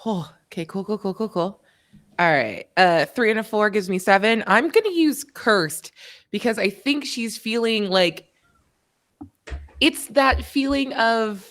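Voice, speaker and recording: A woman's voice: mid-range voice, animated, fairly bright tone. A woman playing a tabletop game, chatting in a playful, joking way. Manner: playful, joking, quick to laugh. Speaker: player. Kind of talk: casual tabletop game chat.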